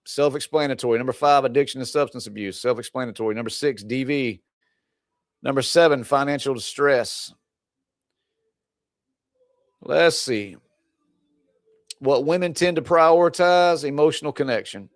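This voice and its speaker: A man's voice: mid-range voice, lively intonation, moderate pace, long pauses, no echo. Chatty man coaching in a dry, close voice. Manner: rambling, chatty, laughs often. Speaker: relationship coach. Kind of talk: casual livestream talk to viewers.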